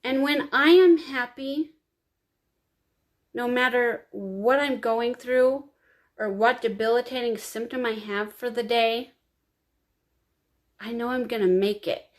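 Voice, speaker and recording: Woman vlogger, tearful personal storytelling to camera, unhurried and a little high-pitched. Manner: emotional, confiding, slow and halting. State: crying.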